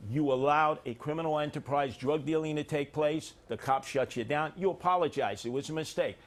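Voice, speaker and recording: A man's voice: on the high side, brisk. A middle-aged man answering as a candidate in a televised debate, blunt and plain-spoken, turning combative at his rival.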